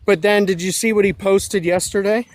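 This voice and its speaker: A man's voice: high voice, steady tone, moderate pace, crowd noise. A man co-hosting a casual political chat, out of breath while walking outside by a road, joking and sarcastic. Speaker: co-host.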